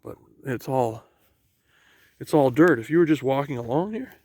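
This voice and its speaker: Gravelly Canadian man musing on a trail walk. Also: mid-range voice, expressive, darkish tone, no echo. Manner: halting, musing, many restarts. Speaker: vlogger. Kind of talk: rambling walk-and-talk vlog. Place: outdoors on a marsh trail.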